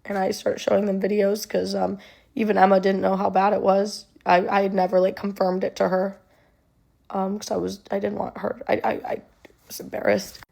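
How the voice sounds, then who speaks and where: A woman's voice: medium pitch, flat delivery, moderate pace, creaky, darkish tone. A young woman telling a personal story in a conversational way, with many ums and likes, her voice sounding emotional and near tears.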